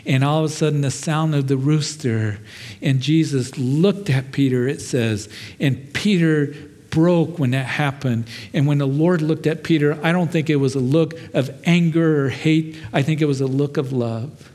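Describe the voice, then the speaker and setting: In this sermon, a male pastor with a mellow voice on the high side speaks at normal speed. He tells a story in a relaxed, conversational way, pokes fun at himself, and leans on many fillers. The recording carries a long hall reverb.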